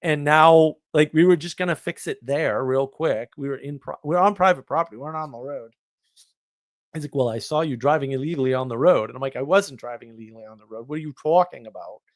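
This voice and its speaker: Animated, indignant New man. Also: fairly high pitch, fast, no echo. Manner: animated, indignant, laughs often, repeats words. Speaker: podcast host. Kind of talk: casual storytelling on a live stream.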